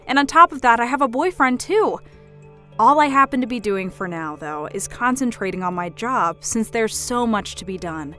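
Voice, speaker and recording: A woman's voice: on the high side, lively intonation, normal speed, fairly bright tone, soft background music. A woman playing a firm young career woman. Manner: polite but firm, standing her ground.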